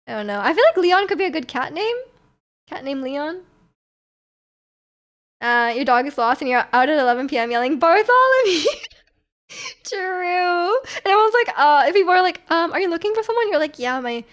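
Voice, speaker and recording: A young woman streamer chatting casually with her viewers, rambling with lots of fillers and restarts. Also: sits high.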